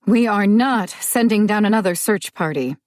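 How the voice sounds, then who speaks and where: A woman's voice: on the low side, normal speed, darkish tone, no room sound, studio quality. A woman voicing a stern, blunt mother who speaks in a curt, scolding way.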